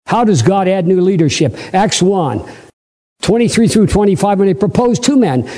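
A man preaching a sermon, acting out the voices in the scripture stories with big swings in pitch. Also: expressive, normal speed, a little mellow. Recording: long hall reverb.

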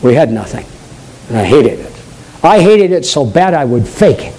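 A man with a New England accent preaching a sermon, stressing points loudly, dropping into low asides and putting questions straight to the congregation. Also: very animated, normal speed, husky, poor audio. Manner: emphatic preaching, swinging between loud high stresses and low quiet asides; draws the congregation in with direct questions.

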